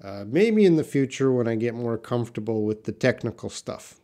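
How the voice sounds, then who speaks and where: A man's voice: mid-range voice, expressive, fairly quick, warm tone. A man from Canada with a Canadian accent, teaching a live-streamed English pronunciation lesson and replying to viewers by name. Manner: talks to chat viewers by name, explains patiently.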